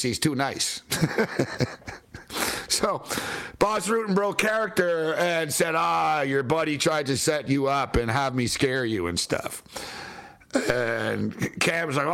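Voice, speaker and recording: A man hosting a podcast, telling a story in an animated, casual way with laughter. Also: a little high, vocal fry. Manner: animated, laughing, quoting others in voices. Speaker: podcast host.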